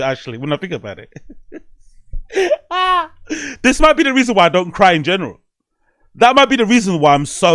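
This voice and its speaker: A man's voice: fairly high pitch, fairly bright tone, no echo, clean studio sound. A man hosting a podcast, telling a personal story in a rambling, candid way, swearing often. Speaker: podcast host. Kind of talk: casual podcast monologue.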